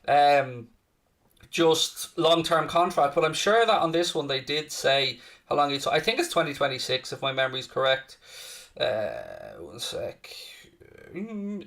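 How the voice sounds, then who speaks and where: Upbeat high-voiced man chatting. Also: a bit bright. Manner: chatty, upbeat, reads out viewer comments. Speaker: fan channel host. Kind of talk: live-stream fan chat.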